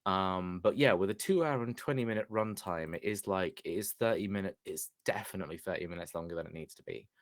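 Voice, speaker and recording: A man's voice: low voice, fast, hardly any pauses, dry recording, clean studio sound. A man co-hosting a podcast, talking in a loose, hesitant way with lots of "like" and "kind of". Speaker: podcast co-host reviewing films. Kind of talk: casual chat.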